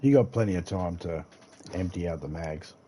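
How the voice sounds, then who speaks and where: A man's voice: low voice, lively intonation, moderate pace, noisy background. A man streaming a game, chatting casually in a rambling, crude and jokey way. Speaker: gaming streamer. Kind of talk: casual chat while gaming.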